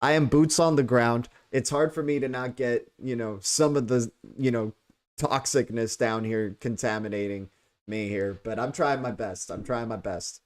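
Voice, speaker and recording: A man's voice: medium pitch, normal speed, a little mellow. An American man casually commenting on crypto news in a chatty way, often asking "right?". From United States. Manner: chatty, keeps tagging on "right?" and "you know". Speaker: crypto channel host.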